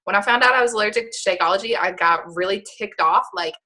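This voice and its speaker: A young woman coaching a sales team on a call, animated and chatty, filling her talk with "like" and "okay?". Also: mid-range voice, fast.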